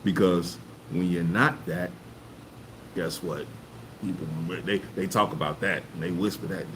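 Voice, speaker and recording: Low-voiced man telling stories, casual. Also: lively intonation, a little slow, a bit bright, slight background noise, low-quality recording. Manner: storytelling, acts out quoted voices with rising pitch. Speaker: podcast co-host. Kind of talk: casual chat.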